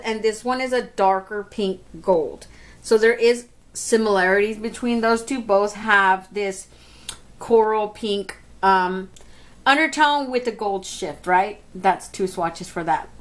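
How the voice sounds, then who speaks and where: Speaking at an unhurried pace in a medium-pitched voice, this woman gives a laid-back makeup review as a beauty vlogger. She chats on, calling out to her audience as "you guys" and poking fun at herself with laughter.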